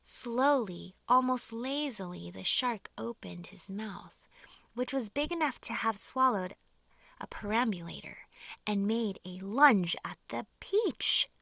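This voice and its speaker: A woman's voice: on the high side, animated, slow, vocal fry, bright, forceful tone, no echo. A woman reading a children's audiobook expressively, dropping to a whisper for suspense. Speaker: audiobook reader.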